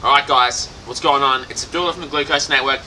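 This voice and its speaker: A man's voice: medium pitch, fairly even intonation, fast, bright, forceful tone, recorded from a distance, slight background noise, low-quality recording. A man in his thirties hosting a casual vlog, blunt and swearing as he rants. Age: 30s. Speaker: vlogger host. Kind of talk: casual profane chat to camera. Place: new apartment indoors.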